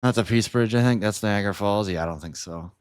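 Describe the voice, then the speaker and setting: A man's voice: lowish voice, quick pace, smooth, no room sound. A man chatting casually on a livestream, rambling and chuckling between thoughts. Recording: steady background noise.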